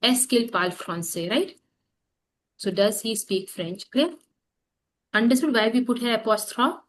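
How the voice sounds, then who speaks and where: A woman teaching a French class, explaining slowly with pauses, repeating key terms and often saying "that is". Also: fairly high pitch, slight background noise. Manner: halting, repeats terms, fills gaps with "that is". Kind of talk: classroom lesson. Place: classroom with students.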